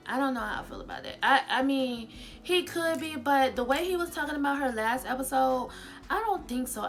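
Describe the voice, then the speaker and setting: Woman doing a show recap, kinda high voice with some fry, opinionated and a little exasperated. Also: fairly bright tone. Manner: chatty, opinionated, exasperated asides. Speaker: reality show reviewer. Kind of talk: casual recap and commentary.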